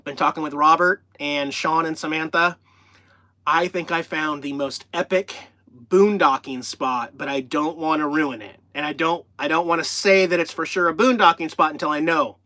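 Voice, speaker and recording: A man's voice: a little high, normal speed, bright, forceful tone. A man chatting casually on a livestream from inside his parked RV, rambling and talking to his pets and the live chat. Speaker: RV vlogger hosting a livestream.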